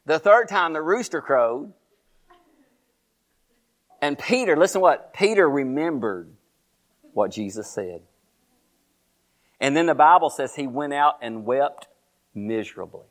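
A Texan-accented man preaching a sermon in a fairly high voice. His pitch rises and falls a lot as he tells the story, and he keeps turning to the congregation with questions. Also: a little slow, pauses often. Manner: animated storytelling, asking the congregation questions, laughing asides.

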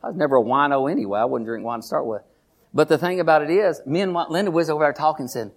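A middle-aged man preaching a sermon as pastor, animated, folksy and repeating his phrases. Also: fairly high pitch, quick pace.

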